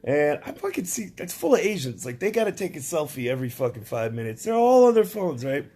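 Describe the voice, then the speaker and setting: A man telling a rambling, profane comic story, swinging from loud outbursts to low mutters. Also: sing-song, brisk.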